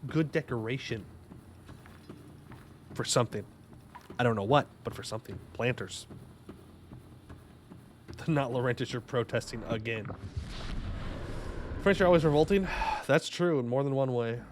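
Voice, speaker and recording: A man's voice: mid-range voice, measured pace, long pauses, background noise. A man streaming a game live, chatting casually and joking while answering his chat.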